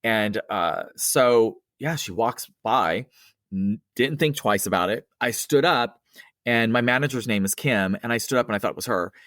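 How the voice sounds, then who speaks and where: A middle-aged man tells a personal story in a loose, conversational way. He trails off and circles back, filling gaps with ums and you-knows. His pitch sits in the middle and the sound is dry, with no room echo. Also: moderate pace. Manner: rambling and conversational, with many fillers and restarts; acts out quoted dialogue in a raised, excited voice. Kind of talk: casual spoken ghost story.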